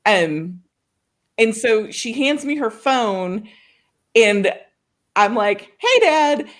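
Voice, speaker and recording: A woman from Oklahoma co-hosting a show, telling a story in casual chat with an animated, laughing manner. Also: medium pitch, extremely slow. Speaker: co-host of a writing show.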